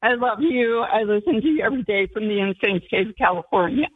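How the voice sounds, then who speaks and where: A woman's voice: mid-range voice, lively intonation, fast talker, husky, no echo. A woman calls in to a radio show, chatty and giggling between sentences. Her voice comes through a narrow, tinny phone line and sounds dry. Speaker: caller. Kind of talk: call-in chat. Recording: phone call on air.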